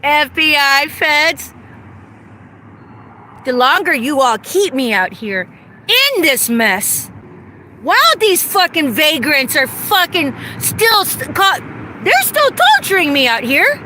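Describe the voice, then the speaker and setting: A woman's voice: high voice, big pitch swings, slow, bright, forceful tone, slight background noise. A woman ranting angrily and profanely in a livestream, speaking into a phone while outdoors in the cold. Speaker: vlogger. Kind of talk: angry livestream rant.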